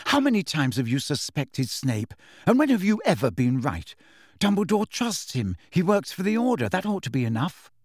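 A man's voice: a little high, very animated, fairly quick, a little mellow, dry recording, studio quality. A man voicing a clever, bossy teenage girl student in an audiobook, speaking sharply and earnestly. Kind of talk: audiobook character voice.

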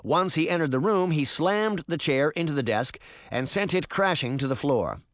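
A man narrating a story as an audiobook, with expressive storytelling. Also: fairly high pitch, normal speed, no echo, clean studio sound.

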